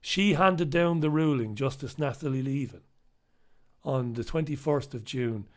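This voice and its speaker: A man's voice: medium pitch, a little slow. A man hosting a live news review show, talking alone to his audience in an impassioned, emphatic way. He repeats his points for weight and speaks bluntly, swearing now and then. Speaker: show host reviewing newspapers. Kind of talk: live solo commentary on the news.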